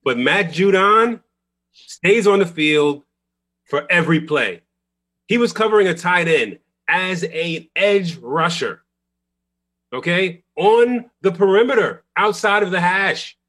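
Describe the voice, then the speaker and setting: A man's voice: high-pitched, expressive, slow pace, a bit bright. A man on a casual sports talk show, blunt and emphatic, punctuating points with "okay". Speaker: podcast co-host.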